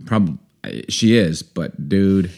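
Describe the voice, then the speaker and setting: A man's voice: deep voice, drawn-out words, a little mellow. A middle-aged man co-hosting a podcast in casual chat, playful and theatrical, hopping between jokes. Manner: playful and dramatic, jumps from joke to joke. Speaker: podcast co-host.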